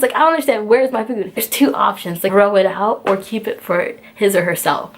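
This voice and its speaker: A young woman from the United States telling a storytime to her viewers in an exasperated, animated way, acting out both sides of the argument. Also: mid-range voice, fairly quick, hardly any pauses. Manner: animated, exasperated, acts out the dialogue. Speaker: vlogger. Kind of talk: storytime rant.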